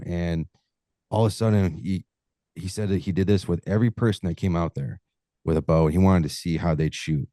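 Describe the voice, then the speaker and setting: A man's voice: low-pitched, a little fast, mellow, no echo, clean studio sound. A man, a hunting podcast host, chatting casually as a guest and swearing freely while acting out stories. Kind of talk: casual interview chat.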